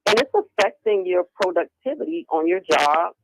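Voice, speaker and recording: A woman speaking over a remote call line, lively and expressive as she acts out other people's words. Her voice has a gravelly edge, and loud noise sits under the whole recording. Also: lowish voice, moderate pace. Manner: animated, acting out quoted voices. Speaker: guest speaker on women's health. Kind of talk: casual conversational interview.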